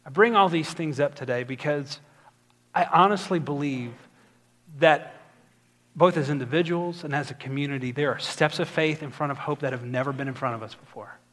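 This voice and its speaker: A man's voice: a little high, moderate pace, fairly bright tone. A man preaching a sermon as pastor, earnest and building to emphatic exhortation.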